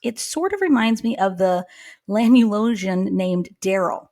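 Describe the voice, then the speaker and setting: A woman's voice: medium pitch, lively intonation, a little slow, warm tone. A woman co-hosting a podcast, narrating and chatting in a dry, wry way. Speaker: podcast co-host. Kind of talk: casual comedic chat and narration.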